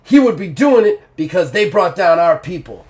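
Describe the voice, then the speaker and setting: A man voicing a gruff, weary male commander giving blunt, urgent orders in a live-play tabletop game. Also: on the high side, moderate pace, natural voice. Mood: stern.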